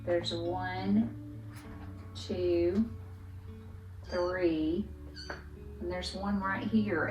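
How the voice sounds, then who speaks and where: A woman chatting casually to her camera on a tripod in her living room, with a soft, chatty manner. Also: on the low side. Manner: soft, chatty, coos in baby talk to the kittens. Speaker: knitting vlogger. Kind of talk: casual vlog chat.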